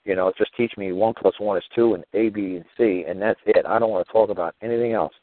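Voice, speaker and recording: A man's voice: on the low side, steady tone, fast talker, no echo, narrow, tinny audio. A man hosting a podcast, telling a long story in a rambling, profane, heated way and acting out the people he quotes. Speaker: podcast host. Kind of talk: casual monologue.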